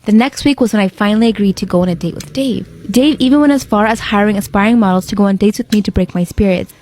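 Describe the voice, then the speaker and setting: A woman reading a personal story aloud in a brisk, dramatic way. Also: mid-range voice, darkish tone, a little hiss or hum.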